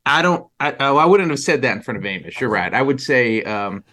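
A man's voice: mid-range voice, big pitch swings, fairly quick, sharp tone. A man playing a tabletop game, stumbling through his character's actions with many fillers. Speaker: player.

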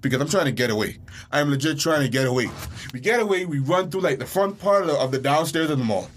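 A man from the Bahamas telling a story on a podcast, full of life and quick to leap into high, frantic yelps when he replays his own panic. A faint hiss of noise sits under his voice. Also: animated. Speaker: podcast co-host. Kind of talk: casual storytelling.

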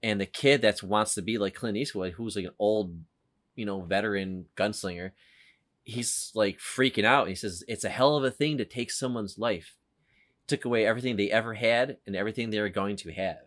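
A man's voice: on the low side, a little fast, a bit bright. Rambling man hosting a podcast. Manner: rambling, filler-heavy, restarts often. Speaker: podcast host. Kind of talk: casual movie discussion.

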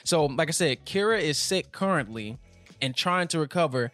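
Animated young dad telling stories. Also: male voice, on the high side, normal speed, no room sound, faint music behind. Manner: animated storytelling, laughs often. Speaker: podcast co-host, father. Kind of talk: casual chat.

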